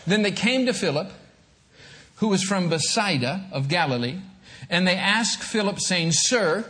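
A man preaching a sermon as a guest speaker in a church, animated and acting out little scenes. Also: high voice, unhurried.

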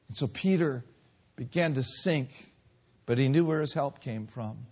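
A man preaching a sermon, swinging between loud drawn-out peaks and quiet low lines. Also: husky.

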